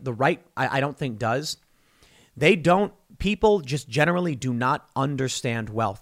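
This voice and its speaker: A man hosting a solo political commentary show, talking in an opinionated, conversational way with emphatic stresses and frequent restarts. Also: medium pitch.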